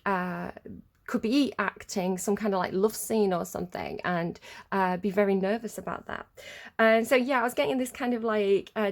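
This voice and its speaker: A young woman giving a casual tarot reading, rambling and chatty, full of filler words. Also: medium pitch. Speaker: tarot reader.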